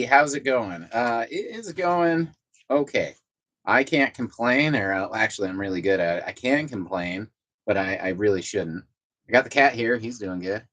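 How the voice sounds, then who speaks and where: A man's voice: mid-range voice, fairly bright tone, rough recording. A man chatting casually with his viewers at home in a loose, rambling way, swearing now and then. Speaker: vlogger. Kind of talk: casual chat to viewers while doing chores. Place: apartment at home.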